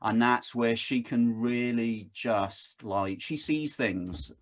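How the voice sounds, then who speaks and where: A man in his fifties talking casually on a video call, telling lively stories and acting out the voices he quotes. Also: medium pitch, slow. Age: 50s. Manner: animated storytelling, acts out quoted voices. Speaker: guest speaker.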